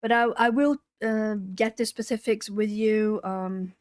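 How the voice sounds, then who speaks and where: A woman hosting a live art-channel stream, chatting casually with viewers and breaking into lively retold exchanges. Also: medium pitch, unhurried, no room sound. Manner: chatty, talking to chat while colouring; animated when retelling stories. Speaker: YouTube art channel host. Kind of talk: casual livestream chat.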